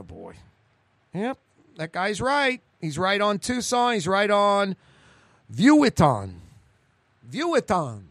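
A man's voice: fairly high pitch, a bit bright, dry recording. A male radio talk show host, chatting on air in a blunt, ranting way with sarcastic asides.

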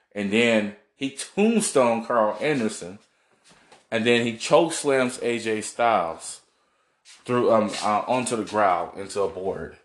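A man's voice: fairly low pitch, reverberant. A man casually recapping a wrestling show on video, rambling, laughing and swearing as he goes. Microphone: camera mic, seen on video.

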